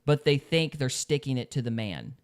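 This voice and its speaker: A man's voice: mid-range voice, animated, moderate pace, smooth. A man hosting a podcast in casual chat, opinionated and mocking others in quoted voices. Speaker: podcast host.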